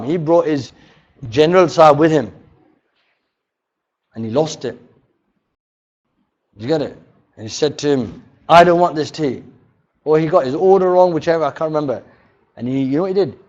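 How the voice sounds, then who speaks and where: A man teaching a religious workshop in a mosque, animated and often checking in with his listeners. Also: high voice. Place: mosque hall. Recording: dull lo-fi recording.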